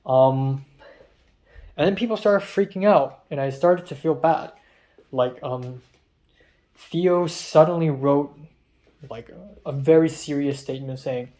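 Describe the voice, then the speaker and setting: A man's voice: mid-range voice, unhurried, long pauses, dark tone. A young man who is a film student, talking in a rambling, filler-heavy vlog monologue and sounding stressed.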